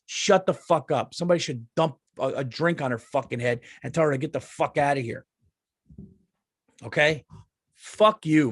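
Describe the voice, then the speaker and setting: A man's voice: a little high, no echo, clean studio sound. A man, a comedian hosting his podcast in a heated, profane ranting monologue. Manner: profane, heated, mocks people in quoted voices.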